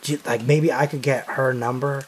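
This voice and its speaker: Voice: mid-range voice, fairly even intonation, normal speed, slight background noise, lightly acted. Awkward young New York cabbie type, put on by a game master: fumbling, hesitant, rambling, kind at heart. Tabletop role-play. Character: awkward, good-hearted young male rideshare driver.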